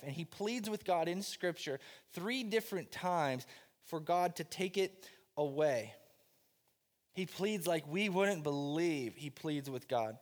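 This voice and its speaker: A man preaching a sermon with passion, repeating phrases and swinging between loud pleading and quiet, low lines. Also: long reverb tail. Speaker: pastor.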